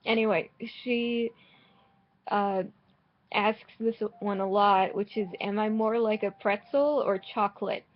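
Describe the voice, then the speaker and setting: Sarcastic slow-talking woman gamer. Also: mid-range voice, steady tone, dull audio. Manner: sarcastic, swearing, rambling with restarts. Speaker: gaming vlogger. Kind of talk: casual gameplay commentary.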